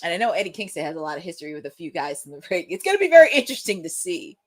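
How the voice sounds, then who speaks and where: A young woman hosting a live watch-along, chatting and reacting excitedly with frequent laughs. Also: on the low side, very fast.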